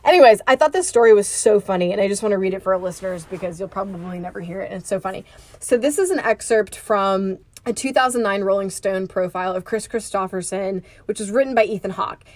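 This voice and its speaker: A woman's voice: mid-range voice, quick pace, no room sound. A woman, co-hosting a podcast in casual chat and reading a story aloud with gusto. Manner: animated, reads aloud with growing gusto. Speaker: podcast co-host.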